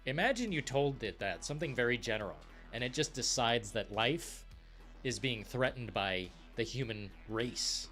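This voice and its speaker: A young man hosting a gaming live stream, chatting casually and reading viewer comments in an excitable, profane, rambling way. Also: mid-range voice, moderate pace, faint music behind.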